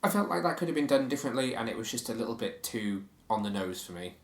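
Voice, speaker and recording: A man's voice: medium pitch, big pitch swings, quick pace, echoey room. A man co-hosting a podcast in casual chat, sharing strong opinions and reading quotes aloud. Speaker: podcast co-host.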